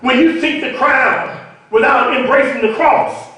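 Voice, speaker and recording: A man preaching a sermon in a church, repeating words and building to shouts. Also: extremely high pitch, measured pace. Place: church sanctuary. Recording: echoey church hall from far off.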